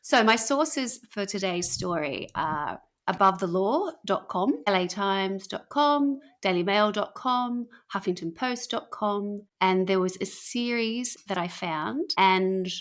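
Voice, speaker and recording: A woman's voice: medium pitch, lively intonation, a little slow, few pauses, fairly bright tone. A woman telling a story on a podcast in a chatty, rambling way with plenty of fillers. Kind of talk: conversational storytelling.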